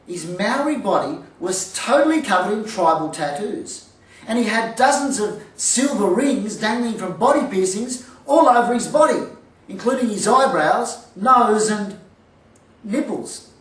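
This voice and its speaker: Man, comic storyteller, high animated voice, self-mocking, echoey hall, distant mic. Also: measured pace. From Australia. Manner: lively, self-mocking, punchline timing. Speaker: storyteller, former boxer. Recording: roomy hall, from far off.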